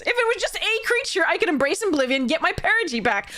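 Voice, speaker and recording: A young woman commentating her own card game matches, swearing and laughing in frustration, swinging from exasperated outbursts to flat mutters. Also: very high-pitched, fairly quick, hardly any pauses, faint music behind. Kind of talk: casual gameplay commentary.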